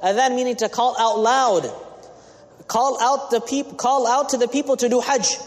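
High-voiced preacher in a reverberant hall. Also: male voice, fairly even intonation, normal speed. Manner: explains Arabic terms with English glosses, asks the audience questions. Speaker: imam giving a talk. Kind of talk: sermon. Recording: long reverb of a large hall.

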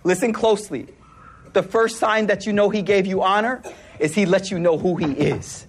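A man giving a sermon to a live audience, telling stories in an animated way, laughing as he goes, and using casual slang with lots of repeated words. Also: sits high, normal speed, breathy edge. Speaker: Islamic speaker.

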